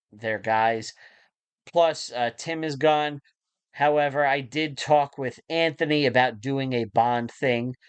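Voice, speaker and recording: A male podcast host answering listener questions in a relaxed, casual way, with frequent ums and uhs. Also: medium pitch, clear, resonant tone, dry recording.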